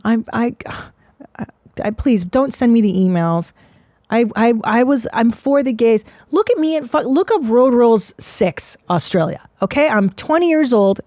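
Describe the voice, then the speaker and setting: A woman's voice: a little high, a little mellow, no room sound, studio quality. A woman in her forties hosting a comedy podcast, riffing in a sarcastic, profane way. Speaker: podcast host.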